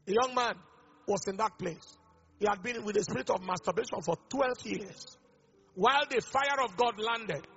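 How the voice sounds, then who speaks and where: A man's voice: very high-pitched, lively intonation, normal speed, bright, forceful tone, husky, long reverb tail, dull audio, soft background music. A man, a pastor leading an altar-call prayer with fervent, repeated declarations.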